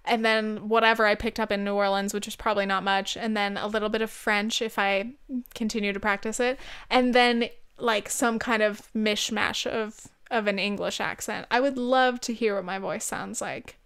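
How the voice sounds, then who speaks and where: A woman's voice: medium pitch, steady tone, moderate pace, fairly bright tone, clear, resonant tone. A young woman with a Californian accent rambling and swearing freely in a casual chat, speaking close to the mic. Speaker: vlog host.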